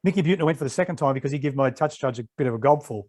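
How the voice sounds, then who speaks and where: Here the former referee, an Australian in his sixties, talks very fast with a slightly high voice. On a podcast, he swaps casual stories and plays out each remembered exchange with animation.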